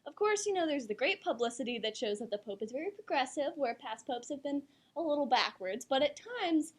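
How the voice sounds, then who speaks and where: High-voiced giggly young woman co-host. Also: lively intonation, a little fast. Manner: giggly, gushing, lots of "like". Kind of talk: casual chat.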